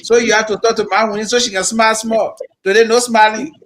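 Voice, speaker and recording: Bright-voiced Liberian host. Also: male voice, high voice, steady tone, quick pace. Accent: Liberian English. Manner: loose, rambling, teasing. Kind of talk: live call-in talk show.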